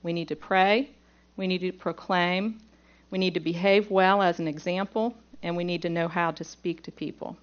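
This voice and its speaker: A woman's voice: lowish voice, steady tone, normal speed, clear, resonant tone, highs cut off. A woman from Pittsburgh teaching a Bible lesson, reading scripture aloud and then explaining it plainly point by point.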